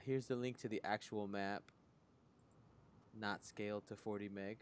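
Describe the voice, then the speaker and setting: A man's voice: lowish voice, fairly even intonation, measured pace, a little hiss or hum. Jokey man in casual podcast chat. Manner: jokey, laughs often. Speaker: podcast co-host.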